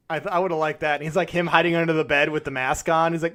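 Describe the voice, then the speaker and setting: A man's voice: fairly high pitch, little pitch movement, fast talker, a bit bright. A man co-hosting a podcast, chatting casually about films, laughing often and swearing freely. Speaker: podcast co-host. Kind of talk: casual film chat.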